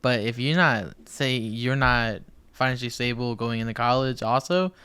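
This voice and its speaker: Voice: medium pitch, normal speed, a bit bright, clean tone, dry recording. A podcast host speaking bluntly in casual chat, swearing freely.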